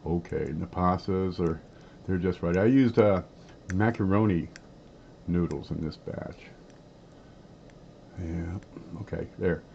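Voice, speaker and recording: A man's voice: low-pitched, takes it slowly, vocal fry, pauses often, mellow. A man hosting a coin collecting channel, chatting casually in a folksy, rambling way while he eats on camera with his mouth full. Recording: dull lo-fi sound with faint background noise.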